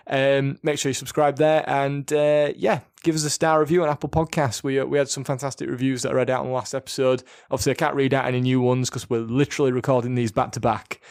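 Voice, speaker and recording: A man's voice: medium pitch, gravelly, darkish tone, no room sound, clean studio sound. A man with a Yorkshire accent hosting a podcast in casual chat, chatty and self-mocking, laughing often. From England. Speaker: podcast host.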